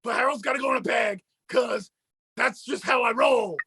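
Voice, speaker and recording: A wildly high-pitched puppet fellow, all rasp and gravel as he hollers in a bright, cutting tone. He's a scrappy little hustler who yelps exclamations through a comedy podcast. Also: normal speed, exaggerated voice. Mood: excited. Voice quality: raspy, high and shouty. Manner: yelling excited exclamations. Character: loud excitable male puppet, scrappy hustler.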